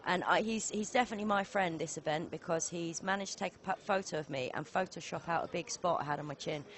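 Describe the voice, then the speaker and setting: A woman commentating live poker, chatty and excitable, joking about herself. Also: on the low side, quick pace. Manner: chatty, excitable, self-mocking.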